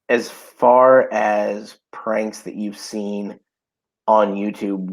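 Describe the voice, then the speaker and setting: A man's voice: fairly low pitch, rough recording. A man co-hosting a casual podcast, telling stories in an easygoing way with lots of fillers. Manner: relaxed storytelling, many fillers. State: has the hiccups. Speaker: podcast co-host. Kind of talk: casual chat. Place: home.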